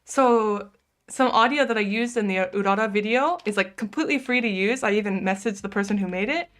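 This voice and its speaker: A young American woman with a lisp, a speech impediment, chats casually on a live stream while reading viewer comments. Her mid-range voice is brisk and fairly bright, and she giggles often and says "like" a lot.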